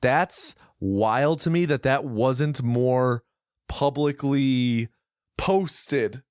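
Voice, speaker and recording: A man's voice: mid-range voice, extremely slow, smooth, no room sound. A man co-hosting a podcast in casual chat, listening laid-back and adding short reactions and dry asides. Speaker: podcast co-host.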